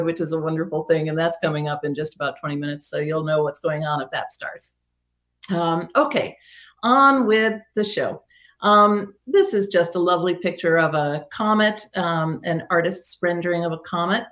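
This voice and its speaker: A woman's voice: lowish voice, moderate pace, a bit bright. A woman hosting a live science program from home over a video call, chatty and given to wry, self-mocking jokes. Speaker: science show host. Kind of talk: live remote science presentation.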